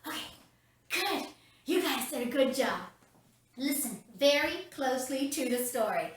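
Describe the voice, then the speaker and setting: Woman, children's storyteller, upbeat, talks to kids, high voice, far from the mic. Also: lively intonation, a little slow. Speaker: children's ministry leader. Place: at home, roomy indoor space. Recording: very echoey room, mic at a distance.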